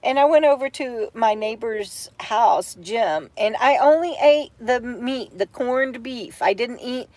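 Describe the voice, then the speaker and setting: A tired, brain-foggy woman, chatting on a home livestream from bed, halting and full of fillers and restarts as she reads viewer comments. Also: on the high side, expressive, darkish tone, no room sound. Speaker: vlogger hosting a livestream. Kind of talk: rambling livestream chat.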